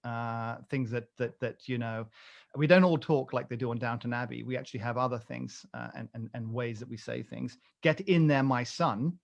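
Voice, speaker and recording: A man's voice: medium pitch, steady tone, brisk, gravelly, muffled recording. A British man co-hosting a coffee podcast, rambling and joking in a casual chat with lots of fillers and restarts.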